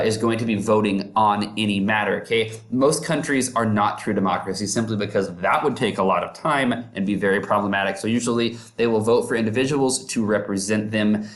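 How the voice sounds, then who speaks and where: A man giving a casual, upbeat classroom lecture who keeps checking in with his listeners. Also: on the low side. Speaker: teacher.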